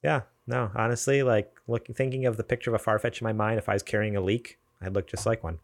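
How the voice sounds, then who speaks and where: A man's voice: fairly low pitch, steady tone, fast talker, vocal fry, no room sound. A young man hosting a casual podcast chat, laughing often and repeating words as he thinks.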